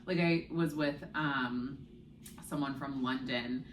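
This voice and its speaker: A woman in her thirties co-hosting a podcast in casual chat, chatty and quick to laugh. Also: very deep voice. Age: 30s. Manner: chatty, laughs often, lots of fillers. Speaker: podcast co-host. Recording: echoey room, far from mic, noise.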